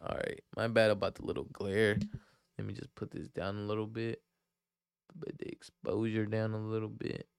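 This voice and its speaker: A man's voice: fairly low pitch, creaky, clear, resonant tone, no echo. A young man hosting a podcast, telling stories in a rambling, profane, laid-back way full of fillers. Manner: laid-back, self-mocking. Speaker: podcast host. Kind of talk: casual storytelling podcast.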